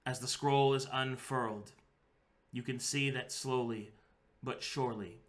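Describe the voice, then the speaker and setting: A man narrating a tabletop game as game master, describing the scene slowly and dramatically. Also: medium pitch, fairly even intonation.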